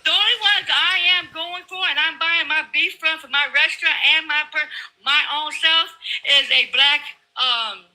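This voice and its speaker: A woman's voice: high voice, normal speed, bright, forceful tone, low-quality recording. Heated profane woman ranting. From California. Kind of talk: heated political argument.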